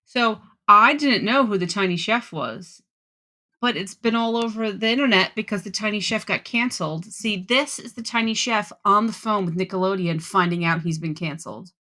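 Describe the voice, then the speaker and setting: A woman's voice: medium pitch, moderate pace, pushed and bright. A woman co-hosting a podcast in casual chat, telling stories in a gushing, giggly way. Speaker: podcast co-host.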